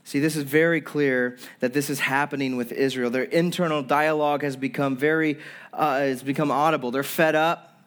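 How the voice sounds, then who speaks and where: A man's voice: fairly high pitch, steady tone, normal speed, a bit bright. A young man preaching a sermon as pastor, earnest, with frequent restarts and acting out people's complaints. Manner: earnest preaching with repeated restarts and acted-out quotes.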